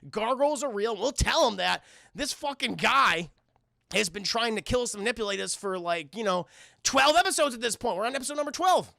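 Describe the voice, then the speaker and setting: A man voicing a blunt, bossy male gargoyle leader in a cartoon recap, talking gruffly and lower than his own voice. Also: expressive, fairly quick, bright, forceful tone, no room sound, studio quality, heavily acted.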